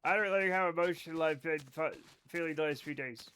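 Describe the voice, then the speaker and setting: A man's voice: a little high, brisk, sharp tone, a little hiss or hum. A man streaming live, chatting casually with viewers in a rambling, joking, self-mocking way. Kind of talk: casual gameplay chat with viewers.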